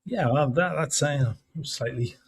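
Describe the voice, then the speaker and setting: Brief: 30s male co-host, slightly husky, stumbling casual match chat. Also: a little high, unhurried. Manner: hesitant, stumbles and repeats words. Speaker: co-host of a football watchalong stream.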